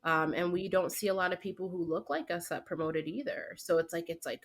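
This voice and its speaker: A woman's voice: fairly low pitch, brisk. A young woman, a teacher and guest, talking in casual conversation and often filling with "like" and "right?". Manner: animated, heavy fillers like "like" and "right?".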